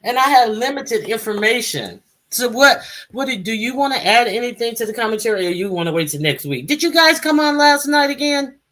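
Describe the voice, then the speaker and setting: A woman's voice: a little high, expressive, a little fast, hardly any pauses, fairly bright tone. Woman, live stream host, casual chat, calls out guests by name.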